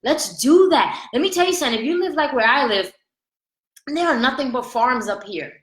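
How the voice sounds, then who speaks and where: A woman life coach giving an animated motivational talk, asking "right?" often and laughing between points. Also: high voice, normal speed, reverberant, rough recording.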